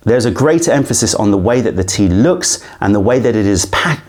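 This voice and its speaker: A man's voice: on the low side, lively intonation, a little fast, darkish tone. A man hosting a casual behind-the-scenes tea-trip vlog outdoors in the mountains, chatty and playful, restarting his lines to camera. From England. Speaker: tea company host.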